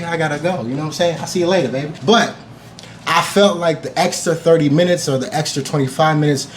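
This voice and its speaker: Young male vlogger with a raised pitch, loose and profane, faint background noise. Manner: animated, swearing, acts out his own reactions. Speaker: vlogger reviewing a TV series. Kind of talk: casual reaction vlog.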